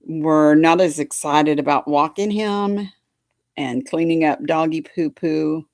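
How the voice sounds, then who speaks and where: A woman's voice: low voice, takes it slowly, darkish tone, dry recording, studio quality. A woman chatting casually to a live audience at home, folksy and doting, drifting into baby talk with her dog. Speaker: livestream host chatting with viewers.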